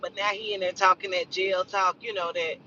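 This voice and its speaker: A woman in her forties, a spiritual advisor, telling a story in casual, profane, animated talk and acting out the voices of others. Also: mid-range voice, a little fast, distant mic, highs cut off, a little hiss or hum.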